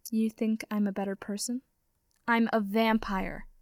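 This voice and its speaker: A woman's voice: fairly high pitch, level tone, unhurried, a little mellow, dry recording, clean studio sound. A woman reading the lines of a scornful, defensive young male vampire in a sarcastic, sneering manner.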